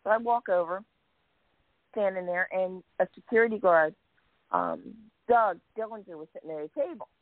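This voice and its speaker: A woman with a mid-range, expressive voice speaks at a moderate pace and pauses often, sounding dry and phone-like. She's a guest in casual conversation, telling anecdotes and acting out the people she quotes.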